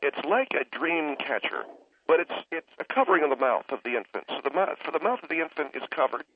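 Brief: patronizing male caller, slightly high voice, heard over a tinny phone line. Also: fast, slight background noise. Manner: condescending, keeps interrupting to calm the host. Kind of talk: radio call-in argument.

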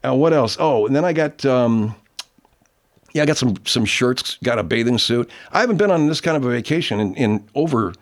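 A man's voice: medium pitch, lively intonation, brisk. A man hosting a radio show in casual banter, rambling, easygoing and freely profane. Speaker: radio host.

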